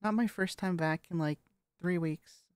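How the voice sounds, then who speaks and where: A woman chats about her voice practice in a casual vlog, pausing often and tossing in curse words. Her voice sits low and the pace is very slow. The room sounds dead dry. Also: a little mellow, clear, resonant tone, no room sound. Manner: hesitant and halting, with frequent swearing. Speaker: vlogger practicing voice training.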